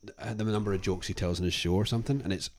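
A man's voice: lowish voice, fairly even intonation, very fast, a little mellow, slight background noise. A man co-hosting a podcast in casual chat, rambling with restarts and laughing often. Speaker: podcast co-host.

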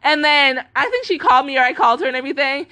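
Young woman ranting on her podcast, cussing a lot, high bright voice. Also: expressive, rapid-fire. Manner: cussing, heavy filler "like", quotes others in put-on voices. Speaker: podcast host. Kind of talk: casual rant.

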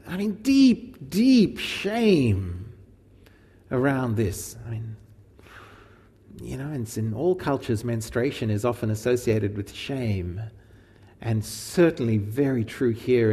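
A man's voice: mid-range voice, slow pace, breathy edge, long reverb tail. A man teaching from the Bible in an informal, conversational sermon, asking his listeners questions as he goes. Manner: animated, informal, asks the audience questions. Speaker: preacher teaching from the Gospel.

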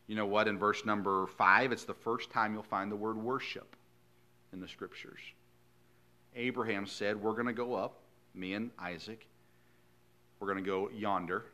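A male pastor preaching a sermon in a folksy, earnest storytelling way, swinging from hushed lines to loud emphasis. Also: fairly low pitch, steady tone, moderate pace, pauses often.

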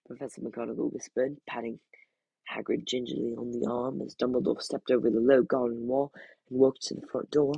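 Gravelly, husky man reading aloud. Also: medium pitch, brisk, no room sound, low-quality recording. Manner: steady, plain reading with small slips and restarts. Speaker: podcast host reading a book aloud. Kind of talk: reading a novel aloud and reviewing it.

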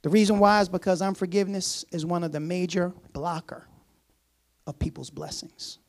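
Gravelly conversational preacher man. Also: high-pitched, little pitch movement, moderate pace. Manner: conversational preaching, colloquial, repeats phrases, soft chuckles. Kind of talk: sermon.

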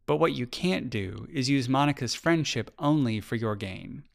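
A man reading a storybook aloud, voicing a calm, patient mother who guides with questions, in a gravelly voice. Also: mid-range voice, moderate pace. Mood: gently firm.

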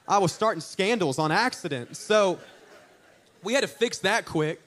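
A young man preaching a sermon, telling stories in an animated, joking way with asides to the congregation. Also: high voice, normal speed. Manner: animated, jokey storytelling with audience asides. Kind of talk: storytelling sermon.

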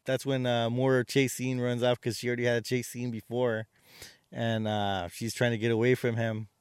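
A man's voice: medium pitch, flat delivery, moderate pace, smooth, no echo, clean studio sound. A man co-hosting a casual chat, retelling a movie plot in a rambling way with many fillers and restarts. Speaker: podcast co-host.

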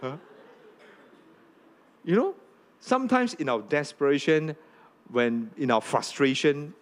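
A man preaching a sermon to a congregation, often asking "okay?" and "right?", and rising high when he reads scripture aloud. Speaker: pastor.

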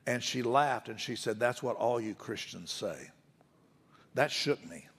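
A man's voice: medium pitch, big-room sound. A man preaching a sermon as a pastor, telling a story in a conversational way and building to firm emphasis.

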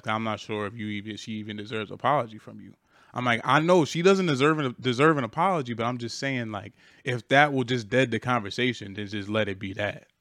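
A man's voice: medium pitch, a bit bright, dry recording, clean studio sound. A young man casually telling a long work story on a podcast, laid-back and slangy with plenty of swearing. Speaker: podcast co-host.

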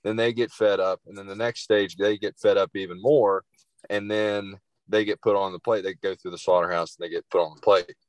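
A young man, a cattle farmer guest, answering interview questions in a halting way with many restarts. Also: low voice, steady tone, clean tone, dry recording, poor audio.

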